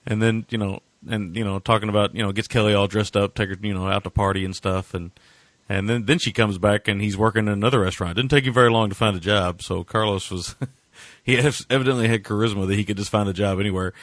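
A man's voice: lowish voice, fairly even intonation, fast talker, fairly bright tone, no room sound. A man co-hosting a casual movie review podcast, rambling and sarcastic, with lots of filler words. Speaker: podcast co-host.

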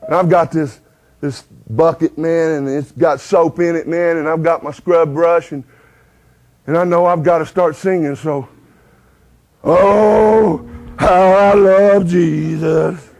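High-voiced man preaching testimony. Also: fairly even intonation, normal speed, a little mellow, rough recording. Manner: folksy storytelling, breaks into hymn lines. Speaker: preacher giving his testimony. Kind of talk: testimony sermon.

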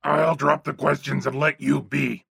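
A man voicing a gregarious, overweight, chain-smoking male cab driver with a raspy, phlegmy voice and a folksy, chatty way of talking. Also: on the high side, flat delivery, a little slow, a bit bright, no room sound, studio quality, pitched below the performer's own voice, exaggerated voice. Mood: folksy chatter. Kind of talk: audiobook character voice.

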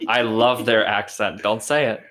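A man's voice: on the low side, flat delivery, normal speed, a bit bright. A young man chatting casually on a podcast, making offhand, crude jokes. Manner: offhand, crude joking banter. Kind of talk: casual chat.

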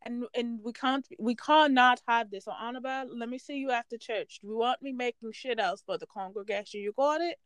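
A woman's voice: on the high side, steady tone, a little slow, clean tone, no echo, close to an everyday voice. A woman voicing a bossy church lady who scolds a congregation member, attempting a wobbly British accent. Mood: scolding.

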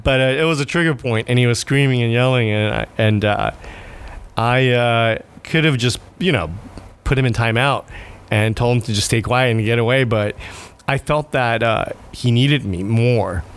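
Earnest halting man, laughing often. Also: mid-range voice, smooth. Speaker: guest, restaurant owner and father. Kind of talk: conversational interview.

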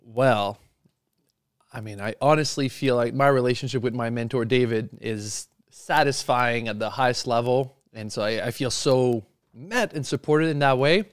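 A man's voice: mid-range voice, normal speed, smooth, no echo, studio quality. A man being interviewed, speaking in an earnest, reflective way. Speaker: guest, endurance athlete. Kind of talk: casual interview answers.

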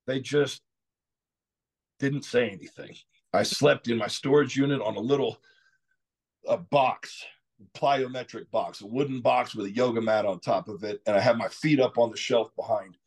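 A middle-aged man from Texas, a podcast guest telling his story candidly, rambling and clearing his throat often. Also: mid-range voice, normal speed. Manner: frequent "you know" asides.

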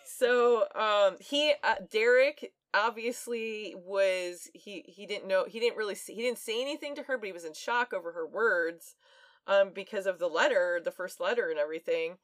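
With a medium-pitched voice at a moderate pace, a female podcast co-host loosely recounts a true-crime story. She is talkative, laughs a lot and fills her speech with fillers. There is no echo.

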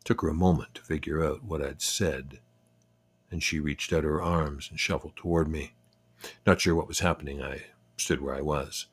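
An older man narrating a personal memoir in a reflective, unhurried, wry way. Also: very deep voice, steady tone, breathy edge. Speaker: storyteller.

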